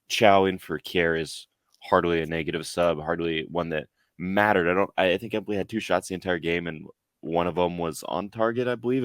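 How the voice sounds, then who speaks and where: A man's voice: deep voice, no echo. A tired man co-hosting a football podcast, ranting with frustration and repeating words. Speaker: podcast co-host. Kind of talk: casual football podcast rant.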